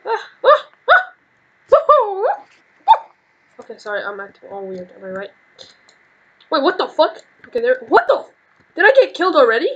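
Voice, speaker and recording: Young woman, higher register, excitable gaming commentator, cusses a lot. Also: fast, long pauses, slightly rough, muffled recording. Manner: loud, excitable, swears often. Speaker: gaming channel host. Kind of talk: casual gameplay commentary.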